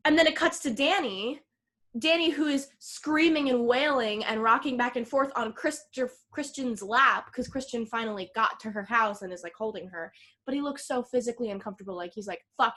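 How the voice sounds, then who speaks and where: A woman co-hosting a casual podcast, retelling a film plot in an animated way, acting out quotes and swearing freely. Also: on the high side, normal speed. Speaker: podcast co-host.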